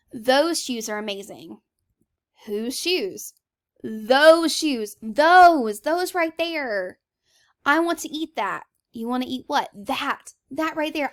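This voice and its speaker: Chatty woman teaching a grammar lesson. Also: medium pitch. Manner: chatty, emphatic, checks in with "okay?".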